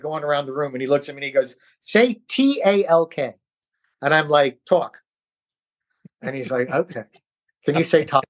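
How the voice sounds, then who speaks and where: A middle-aged man from New York, an actor guest, telling stories in a casual interview and acting out the voices of people he quotes. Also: fairly high pitch. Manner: animated, acts out quoted voices.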